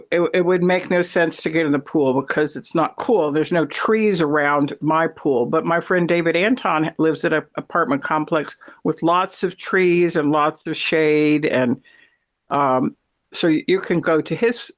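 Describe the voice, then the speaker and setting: A man in a casual chat, telling long stories in an animated, rambling way. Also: a little high, measured pace.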